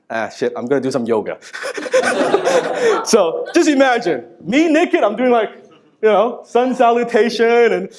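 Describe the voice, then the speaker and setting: A man in his thirties giving a live business seminar, telling stories in an animated, casual way with frequent asides and some swearing. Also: on the high side. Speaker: business speaker. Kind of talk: live seminar talk to an audience.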